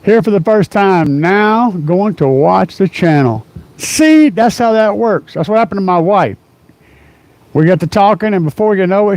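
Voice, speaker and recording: A man's voice: high voice, a little mellow, no room sound. A middle-aged man hosting a casual car audio live stream, rambling with many fillers and easy laughs. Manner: rambling, rough-edged, laughs a lot, lots of fillers. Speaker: car audio livestream host.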